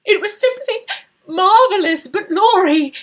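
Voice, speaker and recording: A woman voicing a tearful young upper-class girl who speaks in a high, choked, sobbing voice. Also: very animated, moderate pace, slightly rough, full character voice.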